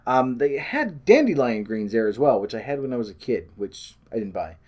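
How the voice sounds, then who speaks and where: A man's voice: mid-range voice, big pitch swings, normal speed, darkish tone. A man from Canada, chatting in a rambling, self-deprecating way on a weight loss vlog and often losing his train of thought.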